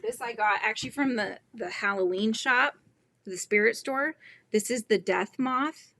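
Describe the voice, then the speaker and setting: A woman's voice: fairly high pitch, unhurried, bright, forceful tone, dry recording. A middle-aged woman hosting a crochet livestream, chatting casually, giggling and reading the chat aloud.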